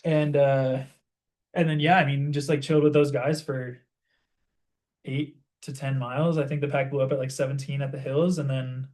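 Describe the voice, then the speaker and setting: A young man co-hosting a podcast, telling a story in animated casual chat and saying "like" constantly. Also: medium pitch, moderate pace. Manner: animated storytelling, heavy use of "like". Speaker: podcast co-host.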